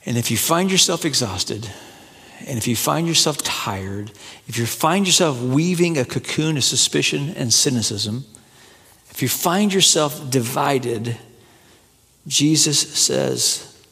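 Man, sermon, passionate then hushed, bright tone, long hall reverb. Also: animated, unhurried, creaky. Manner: impassioned preaching, rising high then dropping soft and low. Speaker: pastor.

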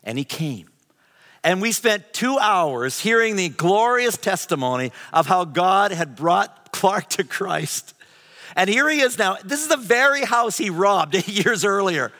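Middle-aged preacher guy, bright voice, big echoey church hall, gets animated then whispers. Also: sits high, unhurried. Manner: animated, shifts to hushed whispers. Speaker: pastor. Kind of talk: sermon storytelling. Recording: long hall reverb.

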